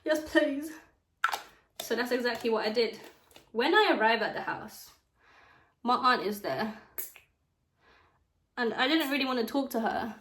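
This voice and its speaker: A young woman with a British accent telling a story time in a chatty, dramatic way, with quick asides. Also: a little high, animated, fairly bright tone. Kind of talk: casual storytime chat while doing makeup. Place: bedroom at home. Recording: echoey room.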